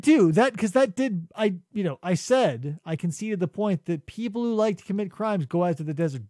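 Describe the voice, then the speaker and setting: A man's voice: high-pitched, darkish tone, no echo. A man co-hosting a casual comedy podcast, telling a story with dry, mock-logical reasoning. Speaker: podcast co-host.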